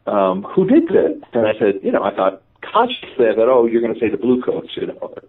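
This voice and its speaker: Male guest calling in, animated storyteller, wide swings in pitch, self-mocking, sits back from a thin phone-quality line. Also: far from the mic, slight background noise. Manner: lively, self-mocking, quick asides, acts out dialogue. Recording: tinny phone line, off-mic.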